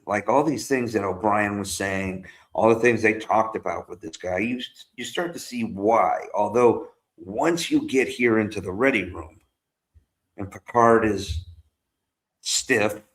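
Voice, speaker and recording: Low-voiced man recapping an episode. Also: a bit bright. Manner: recaps scenes with quoted voices and many fillers. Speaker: podcast co-host. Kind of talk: casual chat.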